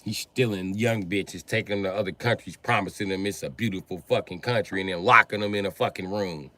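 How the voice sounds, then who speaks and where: A livestream host with a deep, sharp voice talks fairly quickly from his livestream setup. He's in the middle of a heated, crude, combative rant full of profanity.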